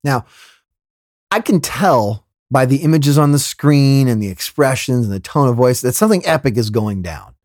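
A man hosting a podcast, telling a comedic story in an exasperated, animated way with laughing asides. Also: mid-range voice, moderate pace, dry recording, studio quality. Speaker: podcast host.

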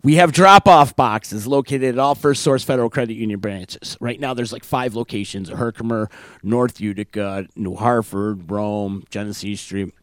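A man's voice: lowish voice, steady tone, normal speed, clean tone, no echo. Hyped radio host man, dry studio sound. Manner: loud, jokey, hyped promo delivery. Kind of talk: casual live show chat with sponsor reads.

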